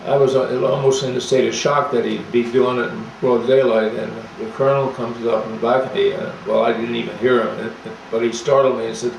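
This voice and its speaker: An older veteran speaks in a level, unhurried monotone, plain and matter-of-fact. He pauses often as he recalls details. The voice comes from away from the mic in a roomy space, with faint hiss. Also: mid-range voice, vocal fry. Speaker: army veteran. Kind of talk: oral history storytelling. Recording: echoey room, distant mic, faint noise.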